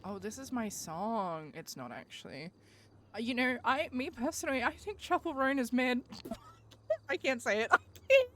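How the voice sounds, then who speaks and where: A woman streamer chatting casually during a role-play game. She rambles, laughs often and fills pauses with fillers. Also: high voice, sing-song, fairly bright tone, slight background noise. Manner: giggly, rambling, lots of fillers. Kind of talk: casual chat.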